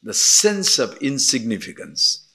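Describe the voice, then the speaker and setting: Animated older male teacher. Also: measured pace, breathy edge. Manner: animated, swings between emphatic highs and soft murmurs, laughs often. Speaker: spiritual teacher. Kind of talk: spiritual discourse.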